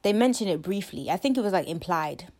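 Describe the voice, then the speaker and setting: A woman's voice: mid-range voice, animated, brisk, a little mellow. Blunt matter-of-fact woman co-host. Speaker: podcast co-host. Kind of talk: casual chat reviewing a documentary.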